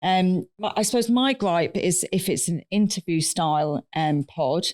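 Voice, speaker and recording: A woman co-hosting a live podcast in a studio, telling stories in a blunt, animated way and swearing freely. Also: fairly low pitch, unhurried. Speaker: podcast co-host. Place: recording studio with a live audience.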